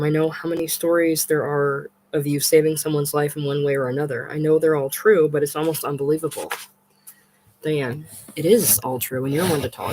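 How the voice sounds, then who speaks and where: A woman's voice: deep voice, a little mellow, slight background noise, rough recording. Woman reading a memoir aloud. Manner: conversational storytelling, quoting others aloud. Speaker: audiobook reader.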